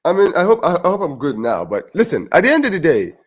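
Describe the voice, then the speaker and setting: A man's voice: fairly high pitch, huge pitch swings, quick pace. A man from the United States, hosting a casual football chat on a video call, emphatic and repeating himself for effect. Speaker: podcast host and streamer.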